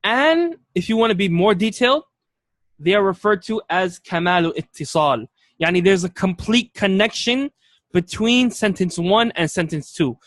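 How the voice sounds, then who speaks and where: A man's voice: high voice, animated, moderate pace, a bit bright, no echo. A male teacher giving a classroom lecture, patient and explanatory, repeating key points and checking that students follow. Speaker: Arabic teacher.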